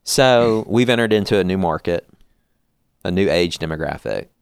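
A man in his forties co-hosting a church podcast, a jokey, animated storyteller who laughs often. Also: low voice, normal speed, vocal fry, smooth, no room sound, studio quality. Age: 40s. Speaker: podcast co-host. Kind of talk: casual church podcast chat.

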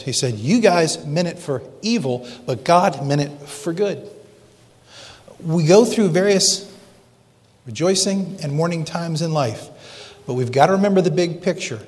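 A man preaching a sermon dramatically, slowing down for emphasis. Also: fairly high pitch, darkish tone. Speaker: pastor. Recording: long reverb of a large hall.

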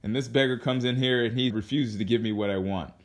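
A man's voice: medium pitch, fast talker, natural voice. A man voicing a greedy, demanding king in a spoken story, using casual modern slang. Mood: indignant. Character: greedy boastful male king.

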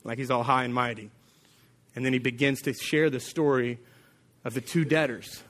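A man preaching a sermon as pastor, telling a story with animated delivery and acting out the voices of its people. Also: medium pitch, moderate pace.

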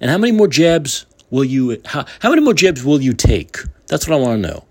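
A man's voice: medium pitch, very animated, fairly quick, husky. A man hosting his own talk show, delivering heated, indignant political commentary with repeated phrases. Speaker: podcast host.

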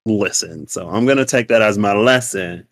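A man co-hosting a casual spiritual chat, animated and playful, laughing often as he talks. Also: on the low side, moderate pace, no room sound. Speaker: podcast co-host.

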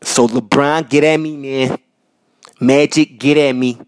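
A man from Minnesota hosting a podcast, talking casually and giving loud, repetitive shout-outs full of slang. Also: mid-range voice, fairly even intonation, unhurried, smooth. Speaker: podcast host. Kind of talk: casual solo podcast monologue. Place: North Minneapolis.

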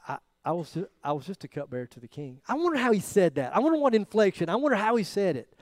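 A man preaching a sermon, acting out quoted prayers, shifting from loud bursts to near whispers. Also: high-pitched, sing-song, very fast, few pauses, no room sound, studio quality. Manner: dramatic, acts out biblical quotes with swings in loudness. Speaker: pastor.

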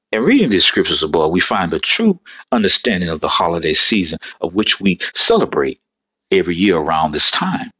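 A man's voice: low-pitched, fairly bright tone, breathy edge, no echo. A male preacher delivering a fervent sermon, repeating phrases and breaking into exclamations.

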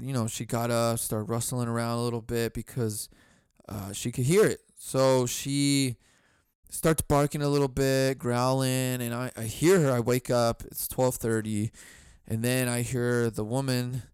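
Smooth-voiced man ranting profanely. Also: mid-range voice, a little mellow, no echo, clean studio sound. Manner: profane rambling storytelling. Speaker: podcast host. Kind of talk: solo comedic podcast rant.

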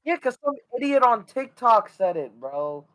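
A man's voice: extremely high pitch, big pitch swings, moderate pace, a bit bright, poor audio. A young man co-hosting a podcast who chats casually, swears and keeps saying "bro" and "right?". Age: young adult. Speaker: podcast co-host. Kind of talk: casual chat.

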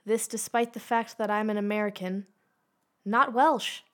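A woman's voice: medium pitch, steady tone, moderate pace. A young woman co-hosting a podcast, reading a silly review aloud with dry asides and giggles. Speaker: podcast co-host.

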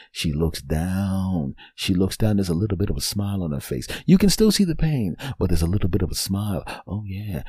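A man's voice: sing-song, a little fast, hardly any pauses, slightly rough, no echo, studio quality. A man hosting a podcast, talking casually to the listener and coaching him through a story. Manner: talks the listener through a story, then plays the cheater's apology low and soft; coaching, uses sports metaphors. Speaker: podcast host. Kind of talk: casual monologue.

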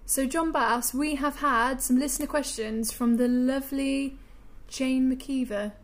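A woman's voice: high-pitched, steady tone, unhurried. A woman co-hosting a casual comedic chat podcast, joking in a dry, mock-earnest way. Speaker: podcast co-host.

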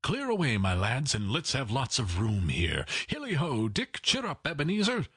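A man's voice: mid-range voice, huge pitch swings, moderate pace, husky, dry recording, studio quality, pitched above the performer's own voice, full character voice. A man voicing a hearty, jovial, fat old male merchant who calls out cheerfully, in an audiobook reading. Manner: calling out loudly, cheerful. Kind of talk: audiobook character voice.

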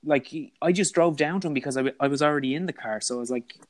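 A man's voice: fairly high pitch, racing. An Irish man, a guest in an interview, candidly retelling a personal story with frequent restarts and quoted dialogue.

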